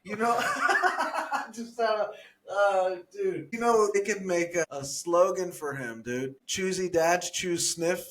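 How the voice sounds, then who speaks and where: A man co-hosting a comedy podcast, chatting casually, excitable and laughing often, with "dude" in nearly every sentence. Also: high voice, slow pace. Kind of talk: casual chat.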